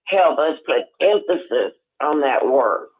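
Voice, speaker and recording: An older man calling in on the phone, talking in a rambling, halting way with many restarts. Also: mid-range voice, lively intonation. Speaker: caller. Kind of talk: casual phone chat. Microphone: telephone. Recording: tinny phone line.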